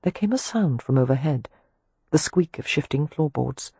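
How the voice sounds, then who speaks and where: A woman narrating an audiobook in a measured, even manner. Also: low-pitched, slightly rough, no room sound. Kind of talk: scripted narration of a historical romance.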